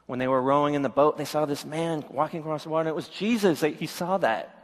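Middle-aged pastor from the Pacific Northwest, somewhat high voice for a man, folksy storytelling sermon with a long hall reverb. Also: quick pace. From Pacific Northwest, USA. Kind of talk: conversational sermon.

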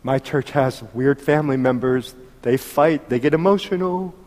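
A man in his fifties preaching a heartfelt sermon, swinging between loud exhortation and soft, intimate asides. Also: medium pitch, moderate pace. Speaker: pastor. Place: church hall. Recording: long reverb of a church hall.

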